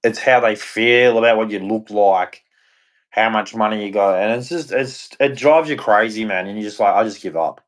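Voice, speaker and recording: A man's voice: on the low side, normal speed. A man hosting a livestream, ranting in a rambling, frustrated and heartfelt way. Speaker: livestream host. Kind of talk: casual ranting monologue.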